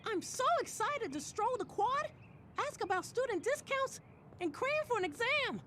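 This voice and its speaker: Very high, bright, eager cartoon sidekick, male conspirator, bouncy pitch. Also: big pitch swings, moderate pace, a little hiss or hum, exaggerated voice. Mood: excited. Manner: squeaky and eager.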